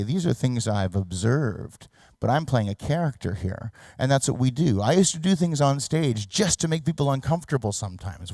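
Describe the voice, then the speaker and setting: A middle-aged man from Canada, a singer giving a reflective stage talk, now and then singing or shouting a line to demonstrate. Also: mid-range voice, dry recording, clean studio sound.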